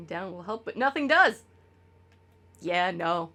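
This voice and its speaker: A woman's voice: on the low side, expressive, takes it slowly, sharp tone. A woman streamer talking casually to her chat, rambling and swearing with lots of stammered restarts.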